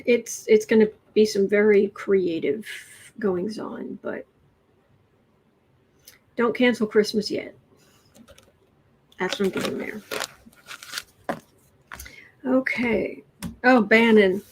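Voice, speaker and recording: Slow-talking husky woman reading tarot. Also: mid-range voice, fairly even intonation, poor audio. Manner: musing, trailing off, sardonic asides, drops to whispers. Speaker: tarot reader and livestream host. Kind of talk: casual livestream tarot and news commentary.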